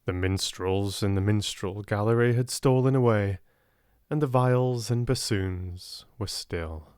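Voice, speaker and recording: A British man narrating an unabridged classic audiobook in an expressive storytelling manner. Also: lowish voice, a little slow, clear, resonant tone, no echo, studio quality. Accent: British English. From Britain. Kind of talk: scripted narration.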